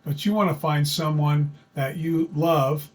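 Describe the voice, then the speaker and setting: A man's voice: a little high, steady tone, unhurried. A middle-aged man telling a personal story in an earnest, folksy way, repeating phrases for emphasis as he gives dating advice.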